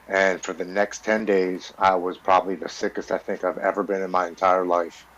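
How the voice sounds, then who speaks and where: A man's voice: deep voice, flat delivery, moderate pace, fairly bright tone, lo-fi sound. A man in his forties telling his own recovery story as a podcast guest, earnest and blunt, stumbling over repeated words. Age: 40s. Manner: earnest, stammering repeats while recounting; blunt, with casual swearing.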